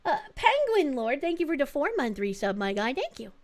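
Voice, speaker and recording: High-voiced, excitable, swearing woman streamer. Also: moderate pace. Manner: excitable, profane, exclaiming reactions. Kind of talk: live game stream commentary.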